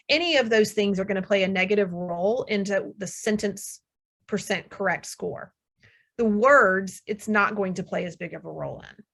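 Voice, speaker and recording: A middle-aged woman audiologist presents a webinar talk in a room. She explains patiently and reassures her listeners, with frequent ums. Her voice sits at an ordinary pitch. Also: fairly bright tone. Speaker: audiologist lecturer. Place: room with air conditioner hum.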